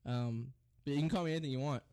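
A man's voice: medium pitch, quick pace, warm tone. A young man hosting a college radio show, rambling and joking, goading his co-host. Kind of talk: loose banter and singing on air.

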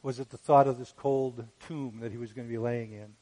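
A man preaching a sermon who rises to loud, fervent peaks when quoting scripture and fires off rhetorical questions. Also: medium pitch, fairly even intonation, rough recording. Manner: asks rapid rhetorical questions.

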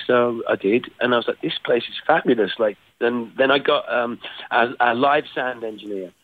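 A man, a musician guest chatting casually in an interview, rambling with halting restarts. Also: medium pitch, dry recording. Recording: tinny phone line.

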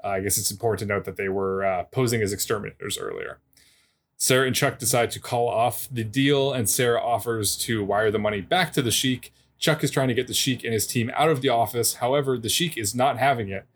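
Guy on a podcast recapping an episode, mid-pitched, steady even telling w/ dry little jokes. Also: brisk. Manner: steady plot-summary narration with dry asides. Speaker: podcast co-host. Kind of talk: casual recap chat.

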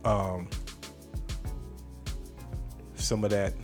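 A man's voice: lowish voice, flat delivery, extremely slow, faint music behind. A man hosting a podcast in casual chat, laid-back, laughing often and repeating himself as he talks. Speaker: podcast host.

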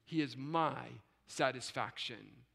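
A man preaching a sermon to a live congregation, swinging from hushed low passages to loud shouted peaks. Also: takes it slowly, creaky, long reverb tail. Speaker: pastor. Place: large church sanctuary with choir and orchestra. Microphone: live stream.

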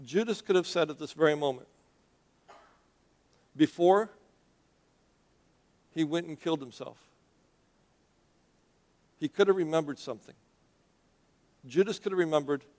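Guy preaching in church, chatty and animated, tells the story and asks the crowd questions, voice on the higher side. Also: unhurried, pauses often. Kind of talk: sermon with storytelling.

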